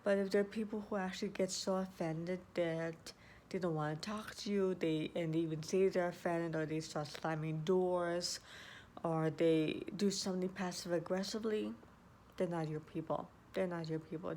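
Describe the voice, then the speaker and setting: A woman's voice: lowish voice, a little mellow, a little hiss or hum. A woman talking casually and earnestly to her viewers, often repeating herself and restarting sentences as she gives advice. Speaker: vlogger. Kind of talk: casual advice talk to camera.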